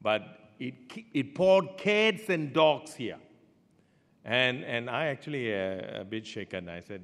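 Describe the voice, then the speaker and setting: Pastor preaching in a reverberant hall. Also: male voice, takes it slowly. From Singapore. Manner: storytelling, animated swings in pitch and loudness. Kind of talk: sermon.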